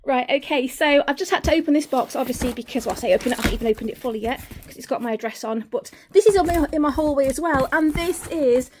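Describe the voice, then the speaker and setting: A woman chatting casually in a home and garden vlog, excitable and gushing, laughing often and swearing freely. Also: sits high, fast, hardly any pauses, a little hiss or hum.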